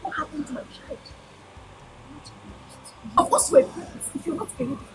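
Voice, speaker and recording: Young Nigerian woman with amnesia, very high voice, lively, frantic, accusing. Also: brisk, a little hiss or hum, rough recording. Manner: frantic, accusing, often shouting. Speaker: young mother who lost her memory. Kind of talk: Nollywood film acting.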